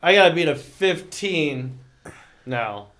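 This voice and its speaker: A man's voice: on the high side, animated, slow pace, fairly bright tone. A man in casual chat among friends, acting as game master with dry, ribbing remarks.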